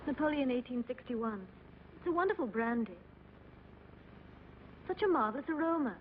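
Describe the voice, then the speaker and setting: An actress playing a fragile, anxious aristocratic wife in dubbed film dialogue, pleading and nervous. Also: female voice, high voice, animated, moderate pace, a little hiss or hum. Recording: dull old film soundtrack.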